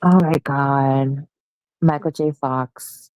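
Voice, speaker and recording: A woman's voice: rumbling low, takes it slowly, dry recording. A woman in her forties from Miami, chatting casually and animatedly in a group conversation. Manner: chatty, animated storytelling with laughs.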